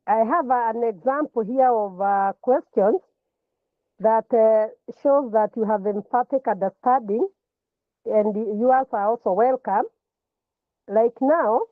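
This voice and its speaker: A woman's voice: on the high side, no echo. A woman lecturer teaching a counselling class, explaining at length and often repeating words and restarting phrases. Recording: tinny phone-like line.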